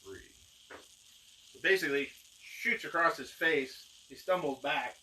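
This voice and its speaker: A man's voice: a little high, unhurried, bright, forceful tone. A man narrating as game master, rambling with many fillers and breaking into acted outbursts. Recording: distant mic with faint noise.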